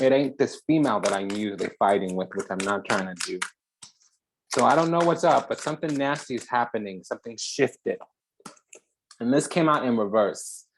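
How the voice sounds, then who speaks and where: Give me a mid-pitched spiritual channel host doing a fiery, profane reading with big dramatic pauses. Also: a little hiss or hum. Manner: heated and profane, swinging between loud and hushed.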